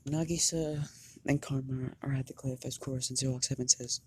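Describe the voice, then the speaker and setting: A fan storyteller improvising a story narration, halting and often repeating words. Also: mid-range voice, steady tone, a little hiss or hum.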